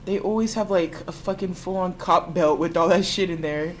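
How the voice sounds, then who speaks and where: A young woman chatting as a podcast guest, offhand and quick, swearing and making dry jokes. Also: on the low side, slight background noise. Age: young adult. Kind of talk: casual chat.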